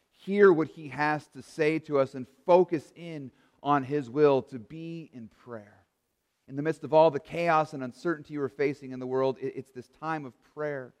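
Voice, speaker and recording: A man's voice: a little high, long reverb tail. A man preaching a sermon as pastor to an online congregation, earnest and full of rhetorical questions, with frequent small restarts. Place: church or studio for an online service.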